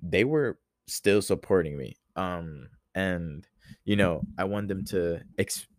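A man's voice: sits low, slow, darkish tone, no echo, clean studio sound. A young man hosting a solo podcast, chatting casually in a rambling, reflective way with lots of fillers. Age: young adult. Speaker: podcast host.

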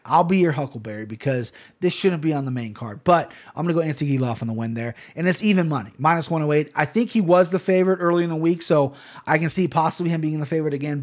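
Podcast host, male, high-pitched, brash and profane, rambling betting picks. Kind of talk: casual betting picks monologue.

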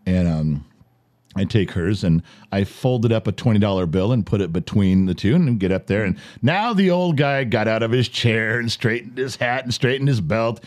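A man in his forties hosting a podcast in a studio, telling a story in a lively, profane, laughing way. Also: lowish voice, normal speed. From United States. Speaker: podcast host. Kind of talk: animated storytelling chat.

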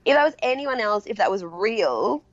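A woman, co-hosting a casual chat, emphatic and quick to laugh. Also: medium pitch, expressive, dry recording. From Australia. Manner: chatty, emphatic, laughs easily. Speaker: podcast co-host. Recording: dry, dull lo-fi sound.

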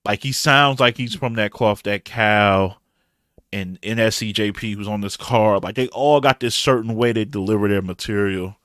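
Middle-aged Detroit man, low-pitched, dry recording; loose slangy battle rap reviewer. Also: moderate pace, a bit bright, no echo. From Detroit, USA. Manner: loose, rambling, slangy, frequent fillers. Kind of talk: casual recap monologue.

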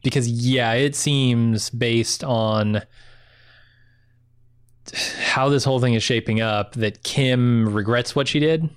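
A man co-hosting a podcast in casual chat, animated and excitable, swearing now and then. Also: mid-range voice, slow, long pauses, clear, resonant tone, no echo, studio quality. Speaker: podcast co-host.

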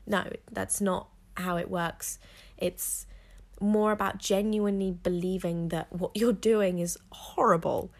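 A woman's voice: medium pitch, steady tone, measured pace, vocal fry. A teenage girl hosting a solo podcast, talking frankly and rambling, with lots of "like" fillers. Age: teens. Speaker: podcast host. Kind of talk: candid solo podcast monologue.

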